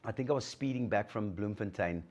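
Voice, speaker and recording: A man's voice: lowish voice, fairly quick, a little mellow, highs cut off. A middle-aged man gives a motivational talk to an audience, telling his story and acting out the dialogue. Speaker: guest speaker sharing a recovery story.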